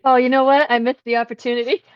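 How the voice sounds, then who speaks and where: A woman's voice: high-pitched, flat delivery, fast talker, no room sound. Chatty woman player, laughs a lot, says like constantly, muffled lo-fi mic. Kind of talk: casual tabletop play.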